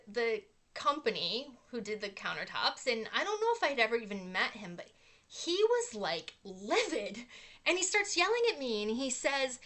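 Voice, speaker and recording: A middle-aged woman hosting a casual inspirational talk, telling a personal story earnestly, with fillers. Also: fairly high pitch. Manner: earnest storytelling with fillers, animated when acting out quotes. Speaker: host.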